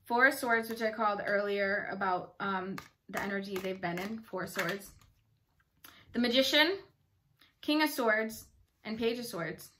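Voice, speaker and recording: A woman's voice: medium pitch, measured pace, bright, forceful tone, a little hiss or hum. A woman giving a casual tarot reading, chatty and bubbly, rambling with fillers and playful asides. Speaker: tarot reader.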